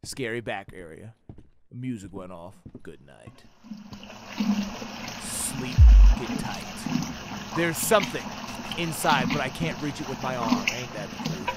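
A young man giving profane, slangy commentary on a horror game, yelling and cursing at jump scares. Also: medium pitch, expressive, measured pace, long pauses, over loud music. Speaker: gaming YouTuber. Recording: faint background noise.

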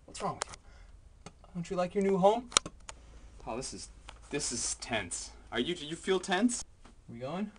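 A man chatting excitedly in a casual home vlog, sometimes hushed and whispering, sometimes jumpy and startled. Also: high-pitched, measured pace, pauses often, background noise. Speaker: vlogger.

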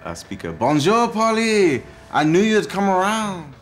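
An American actor playing an actor in London, talking in an awkward, halting way and stumbling over his words. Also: high voice, very animated, faint music behind. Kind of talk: short film acting.

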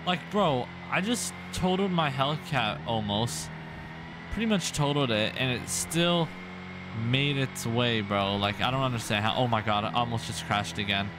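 A young man giving excitable gameplay commentary, full of exclamations and constant "bro". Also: mid-range voice, normal speed. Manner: hyped, says "bro" constantly, frequent exclamations. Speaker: gaming YouTuber. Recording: music playing underneath. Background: game sounds and music.

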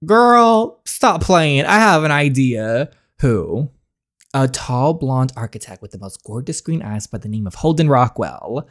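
A man's voice: medium pitch, sing-song, unhurried. A man putting on a sassy teasing girlfriend.

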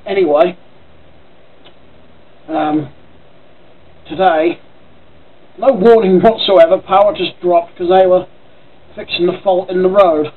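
A man's voice: high voice, fairly even intonation, slow pace, pauses often, narrow, tinny audio. A man with a Norfolk accent rambling casually in a home vlog, chatty and swearing offhandedly. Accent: Norfolk English. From Norfolk, England. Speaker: vlogger. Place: at home by his computer.

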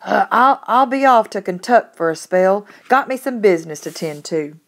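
Lady reading as a gruff frontier dad, folksy drawl, kinda loud and halting, storybook. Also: mid-range voice, expressive, lightly acted. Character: gruff rustic frontier father, middle-aged man.

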